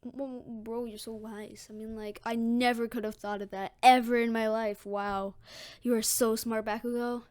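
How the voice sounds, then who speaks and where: Brief: woman doing a nervous, stammering teen boy hero fan, slightly high and excitable. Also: normal speed, smooth, close to an everyday voice. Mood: flattering.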